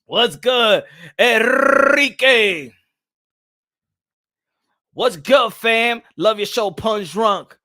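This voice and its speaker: A loud, hyped man hosts a boxing live stream in a very high, bright voice. He shouts out viewers, curses freely and drops in the odd Spanish phrase. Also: lively intonation, drawn-out words, long pauses. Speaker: boxing channel host.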